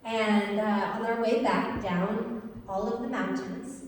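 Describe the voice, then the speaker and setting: A young woman giving an earnest, lively personal testimony to an audience, telling her story with laughs. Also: mid-range voice, slow pace, slight background noise. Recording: echoey hall, voice from far off.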